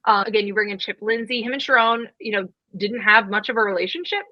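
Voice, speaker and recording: A woman in her thirties chats casually about college football as a podcast co-host, quick and full of "um" and "like". Her voice sits at a middle pitch. The sound is dry and a little dull, as if recorded close in a small space. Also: dry recording. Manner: quick, chatty, many fillers. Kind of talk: casual sports chat.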